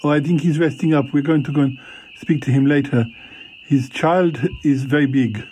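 A man's voice: a little high, moderate pace, warm tone, a little hiss or hum, natural voice. A man playing a shy flustered fellow. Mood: worried. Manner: nervous, flustered protests. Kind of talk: comedy audio drama.

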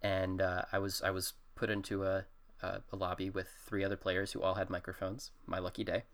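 A man's voice: sits low, monotone, a little fast, fairly bright tone. A young man co-hosting a podcast, telling a long story in casual chat with many fillers, restarts and bursts of laughter. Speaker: podcast co-host.

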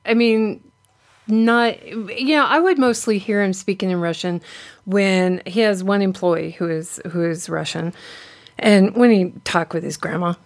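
A woman co-hosting a podcast tells stories in a rambling, chatty way during casual conversation. Her voice is mid-range and she speaks at a measured pace.

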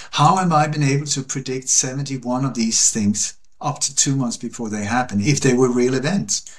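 Guy, earnest and emphatic, repeats stuff for weight, mid-pitch voice on a call. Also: steady tone, moderate pace. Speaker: interview guest. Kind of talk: passionate conversational monologue.

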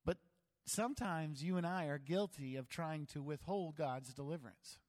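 A man's voice: fairly high pitch, normal speed, a little mellow, big-room sound. A man preaching a sermon in a casual, conversational way, with self-deprecating humor. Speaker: pastor.

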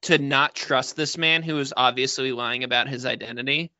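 A man co-hosting a casual film-discussion podcast, animated and opinionated, with lots of filler words. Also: medium pitch, clear, resonant tone, dry recording, dull audio. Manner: animated, opinionated, talks fast with many fillers. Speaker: podcast co-host.

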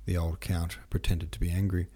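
A man narrating a classic novel in a steady, unhurried reading voice, with occasional small slips. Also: low-pitched, slightly rough. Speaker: audiobook narrator. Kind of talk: scripted narration.

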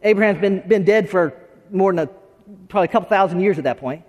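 Pastor guy preaching, high voice, lively and chatty, echoey church. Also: quick pace, muffled recording. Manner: animated, conversational preaching with frequent restarts. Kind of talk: sermon. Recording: long hall reverb.

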